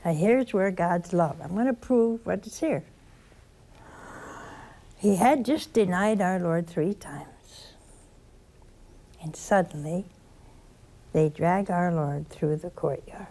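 Slow Southern woman preaching. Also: fairly low pitch. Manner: slow storytelling with animated rises and soft whispers. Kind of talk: sermon.

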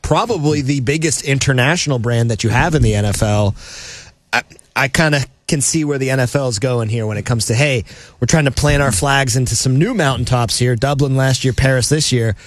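A man co-hosting sports radio, chatting casually with playful, drawn-out emphasis. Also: medium pitch, dry recording.

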